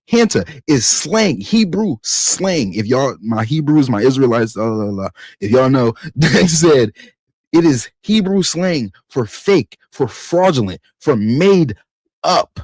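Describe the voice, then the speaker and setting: A man's voice: fairly high pitch, slightly rough, no echo. Podcast host, male, fired-up profane rants, voice leaping all over, dry close-mic sound. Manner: animated, profane, rising to near-shouting rants. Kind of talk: ranting podcast monologue.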